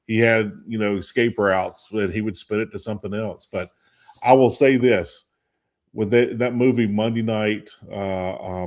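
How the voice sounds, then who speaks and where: A man's voice: fairly low pitch, darkish tone. A tired man in his fifties co-hosting a sports talk show, chatting in a rambling way and losing names mid-thought. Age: 50s. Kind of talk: casual chat.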